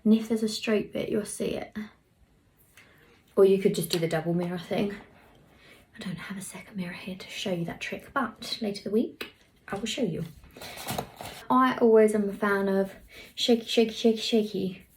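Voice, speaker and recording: A young woman talks through a hair tutorial in a chatty, easygoing way. She mutters asides under her breath as she works. Her voice has a gravelly, creaky texture. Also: mid-range voice, steady tone, moderate pace, pauses often, a little hiss or hum. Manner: chatty, talks while working, drops into murmurs. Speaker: hairstylist vlogger.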